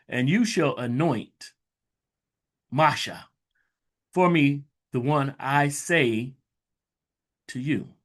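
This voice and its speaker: A man reading scripture aloud slowly and stopping to explain it in loose, conversational asides, like a Bible teacher. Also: medium pitch, a bit bright. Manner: reads verses slowly, then breaks into loose conversational asides. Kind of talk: scripture reading with casual commentary.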